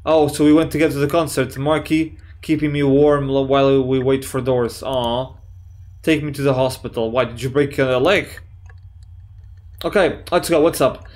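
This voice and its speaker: A man giving excitable, jokey let's play commentary, swearing often and reading chat messages aloud in playful voices. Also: medium pitch, moderate pace. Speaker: gaming YouTuber.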